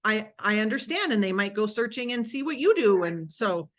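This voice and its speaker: A woman business coach leads a live online session over a video-call mic. She talks with bright energy and slips readily into playful acted-out exchanges to make her points. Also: medium pitch, normal speed. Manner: energetic, acts out sample dialogue.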